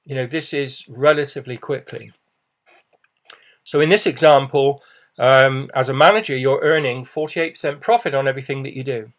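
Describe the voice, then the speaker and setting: A man's voice: mid-range voice, moderate pace. A middle-aged man giving a persuasive business presentation, reassuring and often adding "okay" and "you know".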